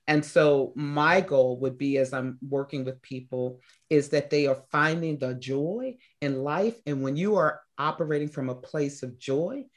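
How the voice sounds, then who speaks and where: A woman's voice: low voice, unhurried, hardly any pauses. Reflective woman coach in conversation. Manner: reflective, explains with examples and lists. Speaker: meditation teacher and personal coach, guest. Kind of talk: conversational interview answers.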